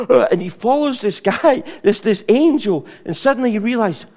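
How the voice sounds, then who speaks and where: A middle-aged man preaching a sermon, animated, acting out voices and singing. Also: very high voice, moderate pace, few pauses. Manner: animated, acts out voices, sings hymn lines.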